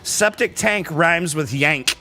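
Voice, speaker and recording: A man's voice: fairly high pitch, slow pace. A man from the American Midwest chatting casually on a stream, laid-back and profane, telling stories with laughs. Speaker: co-host. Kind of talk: casual chat.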